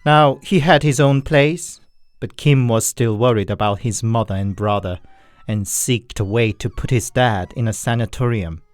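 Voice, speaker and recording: A man narrating scary stories in a slow, measured way. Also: medium pitch, dry recording. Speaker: storyteller. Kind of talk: scripted horror narration. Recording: dry, with soft violin music. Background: faint violin music.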